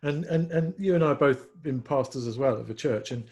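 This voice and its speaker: Mellow-voiced man, hesitant host. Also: medium pitch, fairly quick. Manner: hesitant, searching for words. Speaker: pastor and host. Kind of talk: casual discussion.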